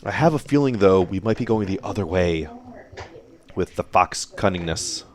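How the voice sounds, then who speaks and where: A man with a deep, low voice commentates on darts, calling each throw as host of a league he broadcasts from home. His delivery is playful and theatrical, with plenty of teasing about the players. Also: animated, moderate pace. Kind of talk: play-by-play sports commentary. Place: home laundry room. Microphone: computer broadcast setup.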